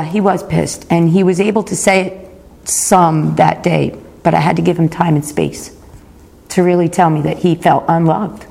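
A woman in her fifties with a gravelly, slightly low voice shares her story at a recovery meeting. She talks in a candid, confessional way, reflecting aloud on her own part in things. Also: darkish tone. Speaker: speaker sharing at a recovery meeting. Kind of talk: personal recovery talk. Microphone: recorded talk.

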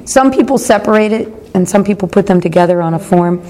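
A woman's voice: medium pitch, fast, dark tone. A woman in her fifties giving a candid, reflective personal talk at a recovery meeting, speaking openly about her own faults. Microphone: recorded talk.

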